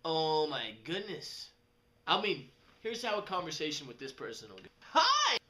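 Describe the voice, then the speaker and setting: Animated young man. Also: normal speed. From West Texas. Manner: animated, jumps to high mocking voices when quoting people. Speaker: vlogger. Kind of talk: casual rambling vlog.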